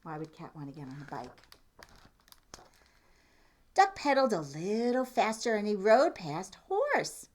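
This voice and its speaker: A woman's voice: mid-range voice, sing-song, normal speed, long pauses, a little mellow. A woman reading a children's picture book aloud, asking the listener questions about the pictures as she goes. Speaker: storytime reader.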